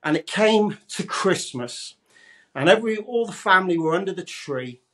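A man from Leeds, England, who works as a radio presenter, sits in as a guest for a casual chat, his high-pitched voice animated, a bit bright and moderately paced. He laughs frequently and addresses everyone as mate.

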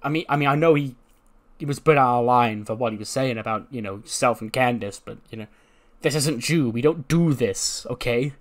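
A man voicing a male wrestler who scolds his partner, in a pleading, halting way. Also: medium pitch, close to an everyday voice.

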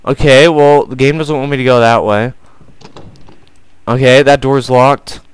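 A man's voice: medium pitch, fairly even intonation, unhurried, smooth, dry recording, poor audio. A young man commentating a horror game, jumpy and panicky, often crying out in fright. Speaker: gameplay commentator.

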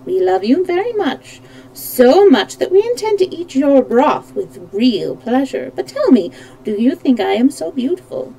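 A woman's voice: high voice, big pitch swings, unhurried, dark tone, voice pushed up, full character voice, poor audio. A woman reading a storybook aloud, voicing a cruel, vain, two-faced monster queen who speaks sharply and grimly. She gives her a raised, commanding voice.

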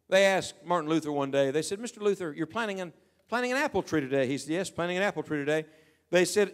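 A middle-aged man delivers a sermon from the pulpit. His voice sits somewhat high for a man. He moves through stories and often drops to a hushed tone when quoting others. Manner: storytelling preaching, quoting people in hushed tones. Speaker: preacher.

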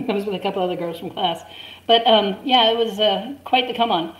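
A woman in her forties tells a story as a chatty guest. Her voice sits mid pitch and laughs come easily. The recording has a roomy echo around it. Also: brisk. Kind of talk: casual storytelling.

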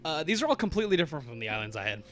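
A man's voice: a little high, big pitch swings, racing. A man hosting a let's play, chatting casually, joking and handing out game tips. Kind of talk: casual gaming chat. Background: game music.

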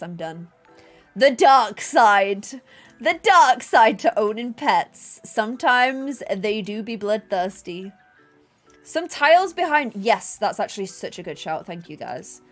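A chatty, bubbly woman streaming a life sim game at her desk at home, talking to her viewers and her pets. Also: fairly high pitch. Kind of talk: casual live-stream chat.

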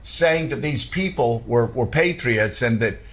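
A man's voice: mid-range voice, lively intonation, unhurried, a bit bright. A man speaking earnestly and emphatically as a cable news panelist. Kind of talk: broadcast political commentary.

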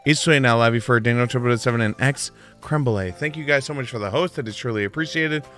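A man's voice: mid-range voice, fast, a bit bright, soft background music. A man chatting casually while streaming a game live, offhand and swearing at the game now and then.

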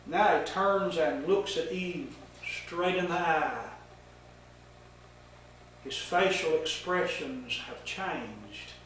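An older man teaching a Bible lesson, telling the story in a slow, folksy way with fillers, in an echoey room with the mic set far off. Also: on the high side, a bit bright, a little hiss or hum.

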